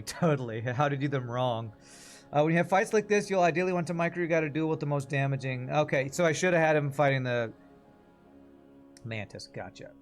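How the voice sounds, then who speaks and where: A man's voice: medium pitch, fairly quick, soft background music. A man streaming a video game, chatting with viewers in a rambling, self-mocking way. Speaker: streamer and gamer. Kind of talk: casual chat while playing a game.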